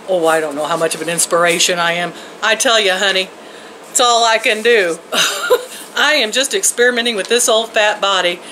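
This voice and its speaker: The audio is poor, with a bit of hiss or hum, as an older woman vlogger talks casually to her viewers from home and her yard. Her medium-pitched voice sounds pushed and bright; she's folksy, laughs frequently, and chats to her pets.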